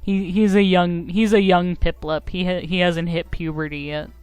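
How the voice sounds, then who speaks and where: A woman's voice: lowish voice, fairly even intonation, moderate pace, darkish tone, clean tone, no echo, faint music behind. A young woman streaming a video game, chatting casually with goofy, giggly, self-mocking commentary.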